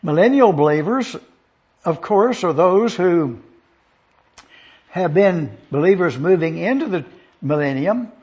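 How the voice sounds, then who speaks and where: A man's voice: sits high, lively intonation, measured pace, long pauses, husky, muffled recording. A man preaching an expository Bible lesson, methodically listing and repeating points for review with a dry touch of sarcasm.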